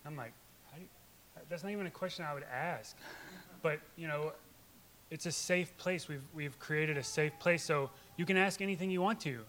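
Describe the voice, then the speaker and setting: A man's voice: fairly high pitch, moderate pace, a bit bright. A church member, a man, gives an earnest, informal testimony to the congregation, rambling with many restarts.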